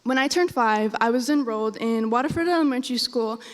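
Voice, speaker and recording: A woman's voice: on the high side, a little fast. A young woman and college student, first language Spanish, telling a personal story on stage and animatedly acting out the dialogue. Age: young adult. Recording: reverberant hall.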